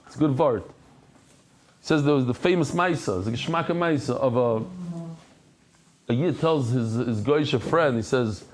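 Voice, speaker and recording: A man who is a rabbi giving a Talmud lecture, talking conversationally to his class and acting out anecdotes with lively energy. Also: mid-range voice, measured pace, long pauses. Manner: animated storyteller who acts out anecdotes; conversational, addresses the class directly.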